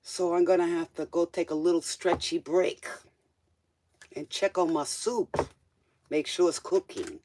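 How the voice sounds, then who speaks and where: Slightly high-voiced joking man reading tarot. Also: steady tone, a little slow, pauses often, a little mellow, slight background noise. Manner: casual, joking, talks straight to the viewer; loose slangy grammar. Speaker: tarot reader. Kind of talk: live-stream tarot reading.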